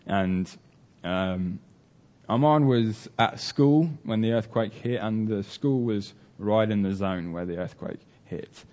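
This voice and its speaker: A man's voice: lowish voice, slow pace, dark tone. A man preaching a sermon, telling a story earnestly with many fillers and restarts.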